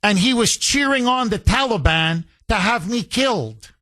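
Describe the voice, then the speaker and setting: Middle-aged male talk radio host, heated and emphatic, bright forceful tone. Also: high voice, lively intonation, moderate pace. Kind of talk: political talk radio monologue.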